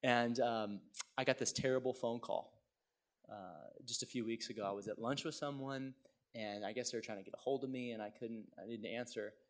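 A middle-aged male pastor telling a personal story in a sermon, swinging from hushed tones to loud exclaims. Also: medium pitch, steady tone, brisk.

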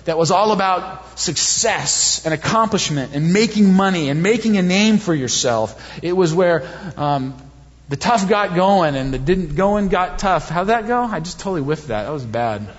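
A man in his thirties preaching a sermon as pastor, animated and self-deprecating, building points through repetition. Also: high-pitched, moderate pace. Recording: dull, long hall reverb.

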